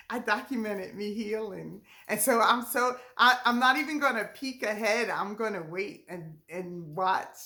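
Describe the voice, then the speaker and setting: This woman's voice sits fairly high, pushed and bright, as she leads a ministry message. Heartfelt and emotional, she laughs through near-tears, her casual speech tinged with a Southern accent.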